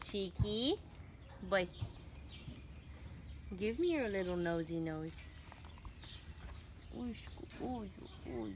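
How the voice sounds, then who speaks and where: A woman's voice: slow, pauses often, background noise. A woman from Southern California filming a casual vlog outdoors, talking playfully to her animals. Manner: playful baby talk to pets, lively swings in pitch. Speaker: vlogger.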